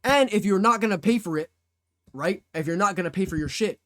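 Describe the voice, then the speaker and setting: A man's voice: sits high, fairly quick, fairly bright tone. A young man streamer telling a story to his live chat in casual slang, acting out his own past reactions.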